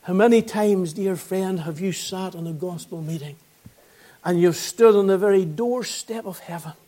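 Northern Irish male preacher, 60s, high-pitched, earnest and fervent gospel storyteller. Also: normal speed, dark tone. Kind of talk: gospel sermon testimony.

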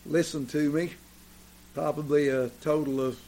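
An older man preaching a sermon to his congregation, deliberate and repetitive, with occasional fillers. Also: fairly high pitch, little pitch movement, a little mellow, a little hiss or hum. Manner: slow, deliberate preaching with repeated phrases and fillers.

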